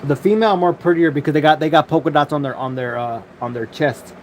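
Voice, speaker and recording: A man's voice: fairly high pitch, fast talker, a little mellow, slight background noise. A man hosting a casual live stream, talking loosely with slang and cursing, filmed on his phone. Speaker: livestream host.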